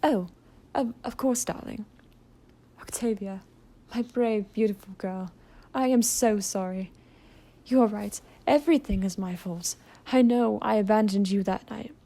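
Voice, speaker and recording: A woman voicing a gentle, apologetic aristocratic male owl demon father in a fan audio drama. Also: mid-range voice, measured pace. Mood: tender.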